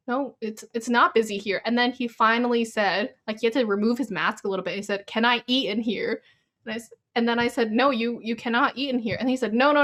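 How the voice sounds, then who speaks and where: A young woman from Canada co-hosting a podcast, telling animated stories and acting out what others said. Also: a little high. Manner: animated storyteller, acts out customers. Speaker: podcast co-host. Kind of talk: casual chat.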